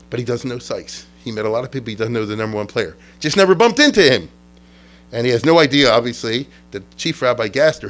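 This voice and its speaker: A middle-aged man, a rabbi, giving an informal history lecture in a chatty, digressive way, acting out quotes from the people he describes. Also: medium pitch.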